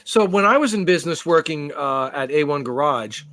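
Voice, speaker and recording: A man's voice: a little high, a little fast. A man co-hosting a podcast in casual chat, telling stories with lots of energy and frequent swearing. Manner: animated storyteller, swears freely. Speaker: podcast co-host.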